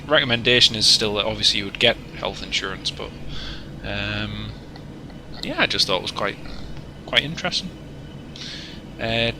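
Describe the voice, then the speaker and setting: A man's voice: on the low side, background noise. A man casually chatting while streaming a flight simulator, joking and greeting viewers by name. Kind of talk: casual livestream commentary.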